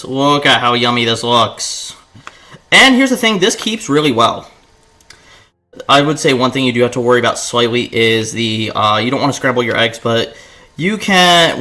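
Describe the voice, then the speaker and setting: A man's voice: mid-range voice, sharp tone. A man streaming himself cooking in his home kitchen, chatting with viewers in a playful, profane, casual way. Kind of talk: casual cooking livestream chat.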